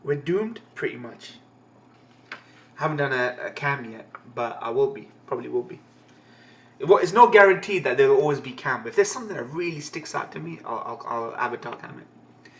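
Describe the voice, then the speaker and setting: A man's voice: medium pitch, lively intonation, fairly quick. A man streaming a live comic reading who swears constantly, laughs and rambles. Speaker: reaction streamer.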